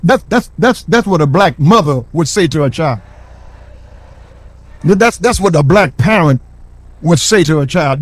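A middle-aged man preaching a sermon in a church, repeating lines and building to shouts. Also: on the high side, lively intonation, unhurried, pauses often, no room sound. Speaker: pastor. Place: church sanctuary.

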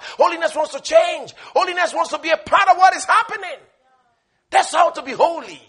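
A man preaching a sermon with fervor, swinging from shouted peaks to hushed asides and laughing as he goes. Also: very high voice, expressive, moderate pace.

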